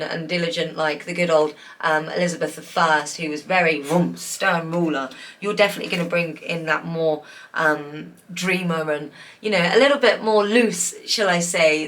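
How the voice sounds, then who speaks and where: A woman's voice: lowish voice, a bit bright. A woman giving a pick-a-card tarot reading, emotional and gushing, with many fillers. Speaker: tarot reader.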